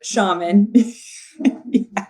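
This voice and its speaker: Chatting casually as a podcast guest, the young woman, an assistant and content writer, tells a giggly, meandering story with many fillers and bursts of laughter. She speaks very slowly at medium pitch, in a steady, mellow tone, with slight background noise.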